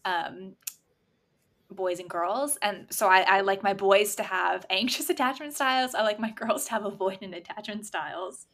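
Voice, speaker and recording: A woman's voice: medium pitch, normal speed, a bit bright. A woman co-hosting a podcast, chatting casually and hedging with lots of "like" and "um.". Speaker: podcast co-host. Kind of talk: casual book chat.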